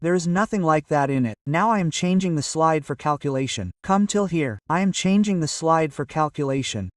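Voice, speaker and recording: Male coaching teacher, fairly high voice, energetic lecture, dry sound, mic set back in the room. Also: moderate pace, no room sound, far from the mic. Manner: energetic, repetitive, coaxing students directly. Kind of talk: classroom lecture.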